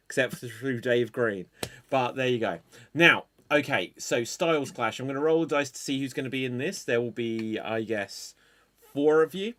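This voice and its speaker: A man hosting an online improv comedy show, calling out game prompts in a dry, unhurried way over a video call. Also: mid-range voice, a bit bright.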